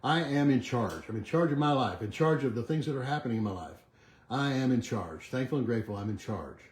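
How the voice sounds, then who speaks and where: Older male motivational speaker, mellow voice, slow soft affirmations that trail off, roomy home recording. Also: mid-range voice. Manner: repeats affirmations slowly and softly, trailing off quieter. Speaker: chiropractor leading a weekly motivational march. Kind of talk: motivational self-help talk with affirmations. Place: home kitchen with a bay window.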